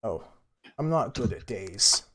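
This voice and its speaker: A man playing his character in a tabletop role-play game, joking in a deadpan way. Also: fairly low pitch, slow pace, a little hiss or hum. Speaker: player.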